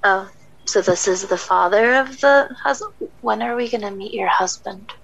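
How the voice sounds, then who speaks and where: Gravelly-voiced woman player. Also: mid-range voice, normal speed, fairly bright tone, dry recording, low-quality recording.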